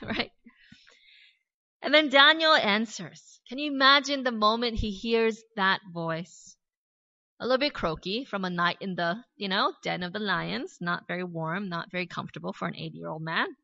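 An Australian woman preaching a sermon, retelling a Bible story with lively storytelling and casual asides. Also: mid-range voice, normal speed, no echo. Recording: dry, slightly dull recording.

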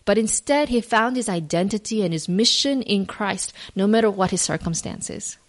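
A woman's voice: mid-range voice, animated, normal speed. Woman podcast host; earnest, reflective devotional storyteller, loose and unscripted. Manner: earnest, reflective, with fillers and restarts.

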